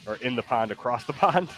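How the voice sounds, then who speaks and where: Rambling man with a low voice. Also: fairly bright tone. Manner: rambling, full of likes and restarts. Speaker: streamer. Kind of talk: casual chat while gaming.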